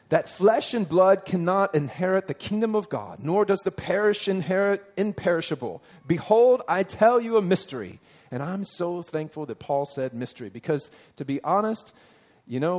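Man preaching with a higher voice. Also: a little mellow. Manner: conversational, asks the listeners rhetorical questions; reads scripture aloud with emphasis. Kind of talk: sermon.

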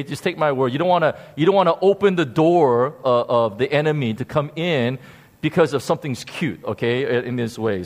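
Animated male preacher in a reverberant hall. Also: a little high. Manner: animated storytelling, repeats words, emphatic. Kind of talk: sermon.

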